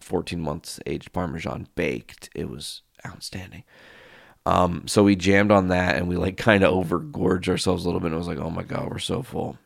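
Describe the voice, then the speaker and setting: A man with a very low, gravelly voice hosts his podcast, telling a rambling story with lots of swearing and quick acted-out quotes. The sound is close and dry, with no room around it. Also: no room sound. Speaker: podcast host. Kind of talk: casual storytelling monologue.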